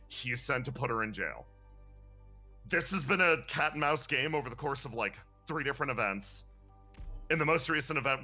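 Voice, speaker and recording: A man chatting casually as a streamer, animatedly retelling a game's story and laughing now and then. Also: mid-range voice. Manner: animated, laughs and breaks into playful character voices. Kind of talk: casual chat recapping a game story.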